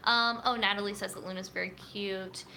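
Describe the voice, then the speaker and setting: Gravelly, pushed and bright, this nutrition coach's mid-range voice keeps fairly even intonation at normal speed, with a little hiss or hum. She hosts a casual live chat from a home filming setup on a tripod-mounted camera, rambling with lots of fillers.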